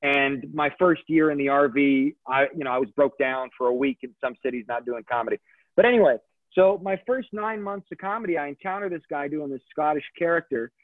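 Chatty comedian on a tinny line. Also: male voice, a little high, brisk, no room sound. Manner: chatty, digressive, self-correcting. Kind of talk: casual storytelling interview. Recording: tinny phone-like line, dry.

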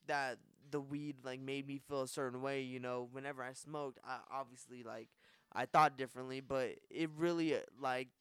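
A man's voice: a little high, smooth, no echo. A young man hosting a podcast, telling a candid personal story in a rambling casual way, full of fillers and restarts. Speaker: podcast host.

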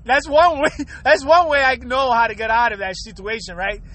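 A man with a strikingly high voice rants to his vlog audience with a crude, comic streak. He laughs often and swears freely. His tone is bright and forceful throughout. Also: fairly even intonation, moderate pace. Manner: acts out quoted excuses in a lower voice. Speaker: vlogger. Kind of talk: profane comedic rant to camera.

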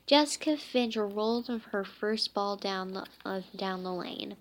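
A woman reading a children's book aloud, halting often with slips and restarts. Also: medium pitch, slight background noise. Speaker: reader.

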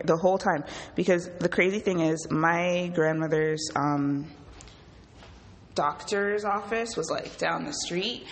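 A woman's voice: on the low side, a little slow, poor audio. Profane, rambling woman podcaster. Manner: profane, rambling, animated venting. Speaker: podcast host. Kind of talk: casual storytelling monologue. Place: home kitchen.

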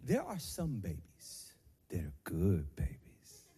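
A male pastor preaching a sermon to his congregation on a handheld microphone, building from slow teaching into shouted, sung cadences. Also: sits low, wildly swooping pitch, slightly rough, long reverb tail. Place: church sanctuary.

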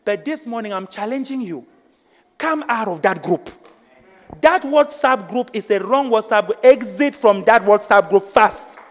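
A man with a very high voice preaching a passionate sermon in a church. His delivery swings from hushed lines to loud, climbing shouts. The sound rings with long reverb in a big hall. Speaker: pastor.

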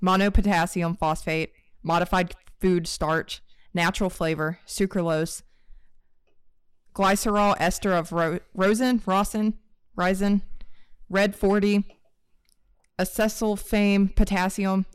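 A woman's voice: medium pitch, fairly even intonation, unhurried, smooth, no room sound. A woman with a West Virginian accent, co-hosting a podcast and telling rambling stories with laughs and swearing. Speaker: podcast co-host. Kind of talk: casual chat.

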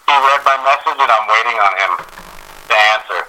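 A man's voice: mid-range voice, brisk, bright, forceful tone, poor audio. A man hosting a casual podcast, talking in an earnest, rambling way and swearing. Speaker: podcast host. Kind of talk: casual chat.

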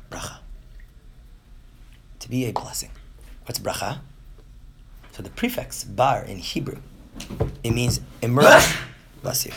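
In a medium-pitched voice with slight background noise, a man in his thirties delivers a lively lecture to a class on Jewish texts. He is animated, frequently asks "right?", and acts out brief voices.

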